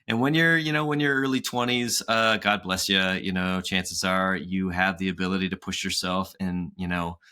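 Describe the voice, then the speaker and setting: A man in his forties co-hosts a podcast in a low, sharp, clean voice at a moderate pace. He's chatty and casual, laughs often and acts out quotes.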